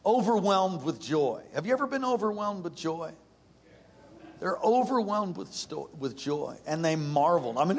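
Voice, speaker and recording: Intense, animated male preacher. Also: normal speed. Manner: animated, storytelling, jumps into high voices for characters. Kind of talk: sermon.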